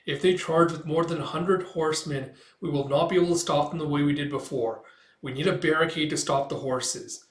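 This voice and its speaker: A man voicing a calm, resolute young wife who speaks firmly and steadily. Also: a little high, fairly quick, lightly acted. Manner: steady, firm. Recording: roomy echo.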